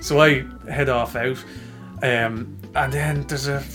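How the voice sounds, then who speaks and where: Animated man telling a story. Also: medium pitch, slow, soft background music. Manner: animated, self-mocking, acts out quoted voices. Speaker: podcast co-host. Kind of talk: casual storytelling chat.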